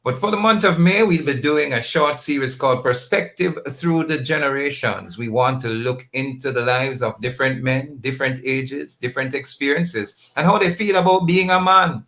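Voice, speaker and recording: A man with a Jamaican accent hosting a radio talk show, upbeat and lively, dropping in patois phrases. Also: a little high. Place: radio studio.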